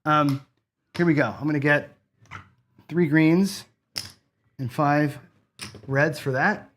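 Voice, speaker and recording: A man hosts a live online craps stream, giving casual commentary and chatting with viewers, growing frustrated and swearing as he loses. His voice is fairly high and a bit bright, with fairly even intonation and a slow pace, against slight background noise.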